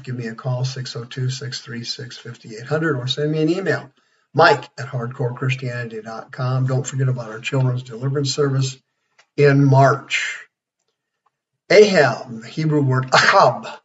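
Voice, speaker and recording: A man in his sixties giving a folksy, rambling radio Bible study as preacher and counselor. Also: medium pitch. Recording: dull lo-fi radio sound.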